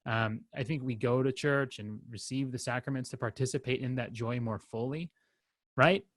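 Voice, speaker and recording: A young man talks on a podcast in a loose, rambling way, stopping and restarting his thoughts and tossing in wry jokes at his own expense. His voice sits at an ordinary middle pitch. The sound is dry and close, with no room echo. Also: a bit bright. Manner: rambling, halting with many fillers and restarts; wry, self-deprecating humor. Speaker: podcast co-host. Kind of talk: casual chat.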